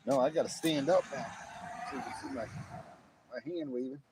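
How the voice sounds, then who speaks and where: Friendly middle-aged guy hosting a morning live chat outside on a phone, laughs a lot, medium pitch. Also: normal speed, noisy background. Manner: chatty, laughs often, jokey put-on voices. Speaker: livestream host. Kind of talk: casual chat to live viewers. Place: outdoors in morning sun.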